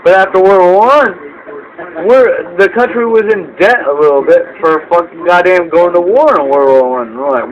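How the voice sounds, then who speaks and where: Man, a bit high-pitched, loose profane storyteller who does the voices. Dull lo-fi recording. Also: animated, measured pace. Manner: profane, slangy, keeps saying dude; acts out quoted voices, sometimes squeaky. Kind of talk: rambling drunk history retelling.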